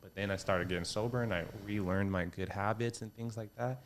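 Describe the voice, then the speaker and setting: A young man, a comedian guest on a podcast, talking casually and swearing often, lively when he quotes people. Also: on the low side, brisk, a little hiss or hum. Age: young adult. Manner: relaxed, swears a lot, animated quoting voices.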